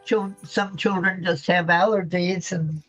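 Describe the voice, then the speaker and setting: A man's voice: high voice, fairly even intonation, a little slow, a bit bright, soft background music. Man on a muffled, lo-fi line. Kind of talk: casual chat. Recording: muffled lo-fi audio.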